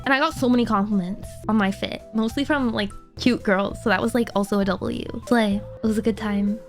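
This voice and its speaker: A woman's voice: medium pitch, fairly even intonation, fairly quick, faint music behind. A young adult woman streamer chatting casually with her viewers, giggly and full of fillers.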